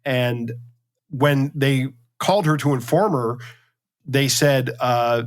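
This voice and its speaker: A man's voice: mid-range voice, steady tone, slow. Indignant, sarcastic male podcast co-host. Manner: indignant, sarcastic storytelling with fillers. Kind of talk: casual chat.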